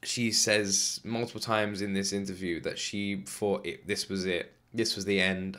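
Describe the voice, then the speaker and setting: Man from the UK, bright voice, chatty reaction commentary, lots of fillers. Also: deep voice, steady tone, measured pace, few pauses. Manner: rambling, filler-heavy, emotional. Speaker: reaction video host.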